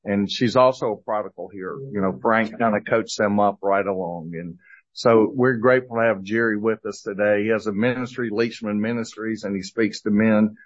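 A man's voice: lowish voice, steady tone, moderate pace, highs cut off. A man hosting a church men's gathering, introducing the guest speaker with admiring words. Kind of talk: formal introduction.

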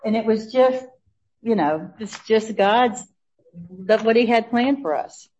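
A woman, sharing a personal testimony with an audience, telling the story warmly and laughing often. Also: fairly high pitch, animated, unhurried, dull audio. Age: 70s.

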